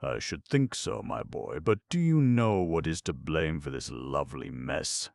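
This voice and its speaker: A man's voice: rumbling low, measured pace, creaky, a little mellow, no echo, exaggerated voice. A man voicing a shrewd older business manager who lectures sardonically, in a read-aloud play. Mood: sardonic.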